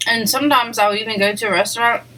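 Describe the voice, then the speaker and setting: On a rough recording, a woman mukbang vlogger chats casually while eating on camera, rambling between bites amid small eating sounds. She talks fast in a fairly high, steady voice that comes across pushed and bright.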